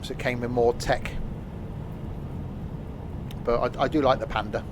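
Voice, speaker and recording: A man's voice: mid-range voice, steady tone, measured pace, noisy background. A man streaming a train simulator, rambling and self-mocking, with many fillers. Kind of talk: live gameplay commentary.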